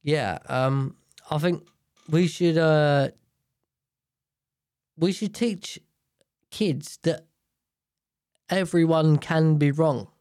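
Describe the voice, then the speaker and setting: A man's voice: on the high side, very slow, long pauses, darkish tone, clean tone, no echo, clean studio sound. A young man talking alone in a casual, rambling monologue, swearing often and breaking off his own sentences. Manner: rambling, swears a lot, self-interrupting. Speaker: solo podcaster.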